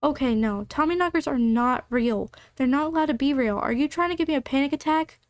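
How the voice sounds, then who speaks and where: A woman's voice: high voice, a little fast, no echo, lightly acted. A woman reading the lines of a nervous young woman in a game, in a jittery, worried way. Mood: panicky.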